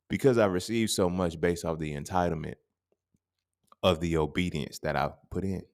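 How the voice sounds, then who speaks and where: A man in his thirties hosting a podcast, talking in a casual, profane monologue that swings into sudden loud outbursts. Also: deep voice, expressive, measured pace. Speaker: podcast host.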